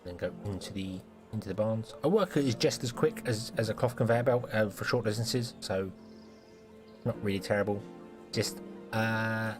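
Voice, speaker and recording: A man's voice: lowish voice, moderate pace, over music. A man giving casual, self-mocking commentary while live-streaming a building game, playfully scolding the characters in it.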